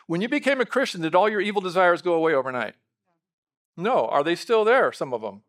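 Animated preaching man, higher voice. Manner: lively, talks with the congregation, quick asides. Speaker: pastor. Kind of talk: sermon.

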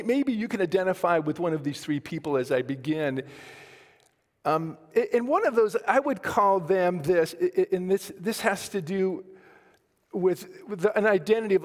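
A pastor from Colorado delivers a sermon in a noticeably high voice. He tells personal stories with self-deprecating humor, often restarting his sentences. His words carry a long reverb from a large hall. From Colorado, USA.

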